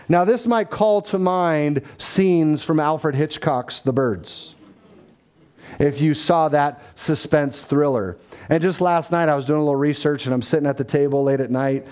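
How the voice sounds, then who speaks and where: A middle-aged man preaching a sermon that explains a scripture passage, telling stories and acting out voices as he goes. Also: a little high. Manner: storytelling, animated, acts out quotes. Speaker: pastor.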